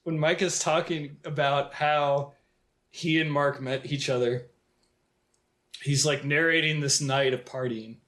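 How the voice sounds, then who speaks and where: A man's voice: fairly high pitch, fairly even intonation, measured pace, a bit bright. A man co-hosting a film podcast, rambling in casual talk with lots of filler words. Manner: rambling, heavy use of "like" fillers. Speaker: podcast co-host.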